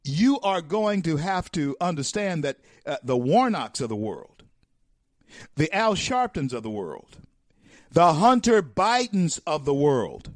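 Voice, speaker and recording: A man hosting a talk show, giving a political commentary monologue in a preacher-like way that builds to loud, emphatic peaks and calls his listeners folks. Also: on the high side, big pitch swings, measured pace, dry recording, clean studio sound. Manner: addresses listeners as folks and my friends.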